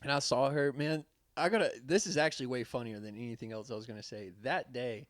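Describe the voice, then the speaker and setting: A man, co-hosting a podcast in casual chat, laid-back and quick to laugh while telling stories. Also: mid-range voice, dry recording. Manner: laid-back, swears freely, laughs mid-story. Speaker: podcast co-host.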